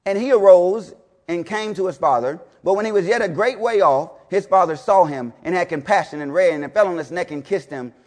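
A man preaching a sermon to a congregation, emphatic and repetitive, swinging between loud declarations and low, intense passages, with rhetorical questions. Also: a little fast.

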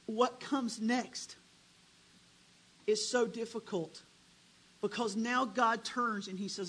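A preacher delivering a dramatic sermon, swinging between hushed and loud. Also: medium pitch, fairly even intonation, slow pace, pauses often, breathy edge, rough recording.

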